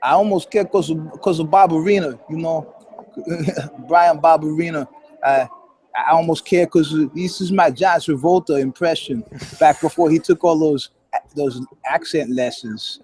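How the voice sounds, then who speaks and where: A man's voice: on the high side, unhurried, a little mellow, a little hiss or hum. A man co-hosting a casual fight podcast from an airport over a laptop call, joking, swearing and laughing often. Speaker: podcast co-host. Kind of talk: casual chat.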